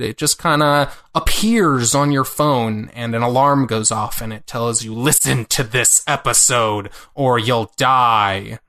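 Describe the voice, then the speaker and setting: A man co-hosting a podcast in a casual chat, pausing often with fillers and slipping in dry jokes. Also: mid-range voice, a bit bright, clean tone. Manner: hesitant, full of "uh" fillers, dry humor. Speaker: podcast co-host.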